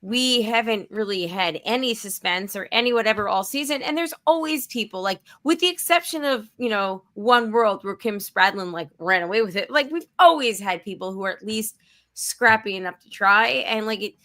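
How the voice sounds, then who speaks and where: Bright, animated woman in casual chat. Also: medium pitch, normal speed, dry recording. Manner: animated, filler-heavy with frequent "like". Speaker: podcast co-host.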